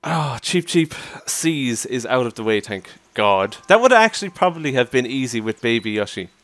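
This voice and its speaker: Male let's-play commentator, excitable and quick to laugh, very animated pitch, mid-range voice. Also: dry recording. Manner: excitable, exclaiming and laughing at mishaps. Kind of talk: casual gameplay commentary.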